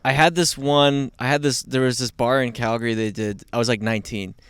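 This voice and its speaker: A man's voice: medium pitch, steady tone, a little fast, fairly bright tone, slight background noise. A man in a casual podcast chat, telling a laid-back story about a night out.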